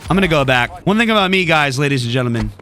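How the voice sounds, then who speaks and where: High, lively, bright-voiced male gamer. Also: rapid-fire. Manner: playful trash talk to opponents; rambling, excitable. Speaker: gaming YouTuber. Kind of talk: live gameplay commentary.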